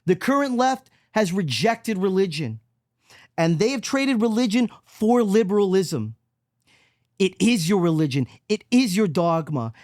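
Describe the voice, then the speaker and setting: A man hosting a solo podcast monologue, preachy and emphatic, swinging between loud mockery and low, quiet intensity. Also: big pitch swings, unhurried, no echo, studio quality. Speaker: podcast host.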